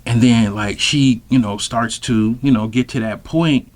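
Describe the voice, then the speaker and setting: A man's voice: medium pitch, unhurried, darkish tone, a little hiss or hum. A man telling a comic personal story in a loose, rambling, slang-heavy way, often turning to address his listeners directly. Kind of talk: comedic storytelling.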